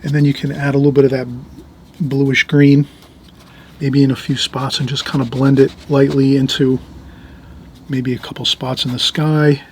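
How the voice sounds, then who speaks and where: A middle-aged man giving an easygoing oil painting lesson, talking while he works and often trailing off softly. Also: mid-range voice, little pitch movement, moderate pace, slight background noise. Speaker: painting instructor. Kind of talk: relaxed painting tutorial.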